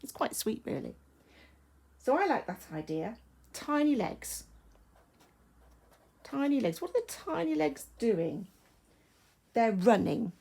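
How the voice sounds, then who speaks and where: An English woman teaching a primary school class, thinking aloud slowly and carefully as she writes, in a recorded online lesson. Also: a little high, very animated, creaky, darkish tone, husky. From England. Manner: slow, careful, thinking aloud while writing.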